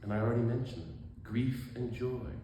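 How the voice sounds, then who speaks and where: A man giving an animated talk as a priest, exuberant, with quick asides and laughter at himself. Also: medium pitch, recorded from a distance. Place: event hall. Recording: echoey room with faint background noise.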